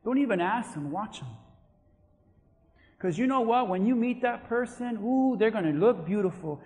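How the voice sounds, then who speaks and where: A male pastor preaching a sermon, swinging between shouted emphasis and quiet asides. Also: sits high, lively intonation, normal speed, long reverb tail.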